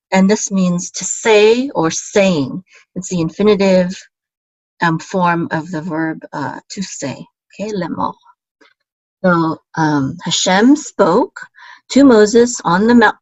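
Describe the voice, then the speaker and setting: Female teacher, lower register, patient step-by-step explainer, dry close mic. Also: no echo, dull audio. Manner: patient, explains letter by letter, many fillers. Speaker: Biblical Hebrew teacher. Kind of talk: step-by-step reading lesson.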